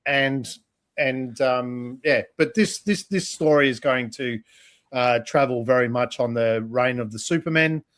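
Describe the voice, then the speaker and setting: A man's voice: mid-range voice, a little slow, a bit bright. Jokey, rambling male podcast co-host. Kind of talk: casual chat.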